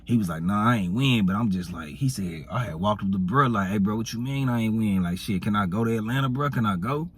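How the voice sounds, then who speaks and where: Husky-voiced man telling a rambling story. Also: lowish voice, quick pace, hardly any pauses. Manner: rambling, slangy, acts out quoted dialogue. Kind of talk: casual storytime.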